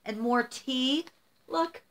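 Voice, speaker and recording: A woman's voice: high voice, slow pace, a bit bright. A middle-aged woman from the United States, chatting casually to camera while opening gifts, emotional and rambling.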